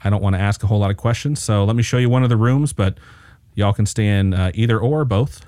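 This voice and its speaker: A man's voice: on the low side, fast talker, mellow, clear, resonant tone, close to an everyday voice. A man voicing a cheerful, portly innkeeper in a tabletop game, speaking eagerly and in a friendly way. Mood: businesslike. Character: cheerful portly male innkeeper, middle-aged.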